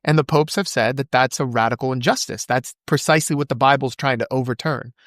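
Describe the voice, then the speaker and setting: A man speaking as a podcast guest in casual conversation, fervent and quick to recite scripture from memory. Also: a bit bright, no echo, studio quality. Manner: acts out quoted voices with big pitch jumps.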